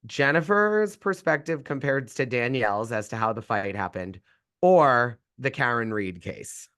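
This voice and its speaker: A man's voice: mid-range voice, expressive, a little slow, a bit bright, clear, resonant tone. A man hosting a casual podcast chat, opening the show and teasing his co-host.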